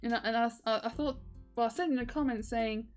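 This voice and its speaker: A woman's voice: on the high side, fast, a little mellow, faint music behind. A woman chatting casually in a video diary, rambling with lots of fillers and frequent laughs. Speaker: video diarist.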